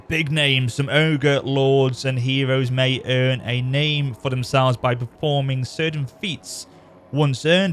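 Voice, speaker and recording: A man's voice: mid-range voice, slight background noise. A man giving casual, rambling commentary over a strategy game. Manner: chatty, rambling, self-correcting. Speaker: gaming channel host. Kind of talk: casual let's-play commentary.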